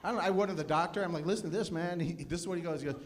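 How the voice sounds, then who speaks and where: Fifty-something male stand-up comic, self-deprecating club set, slightly high voice, audible room noise. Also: racing. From Phoenix, USA. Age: 50s. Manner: self-deprecating, chatty with the crowd. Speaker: stand-up comedian. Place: live comedy club with audience.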